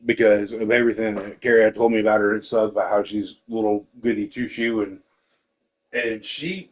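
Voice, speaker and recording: A man's voice: fairly low pitch, fairly quick, low-quality recording. Profane, candid man telling stories casually. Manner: candid and profane, quotes people in lively voices. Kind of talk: casual storytelling chat.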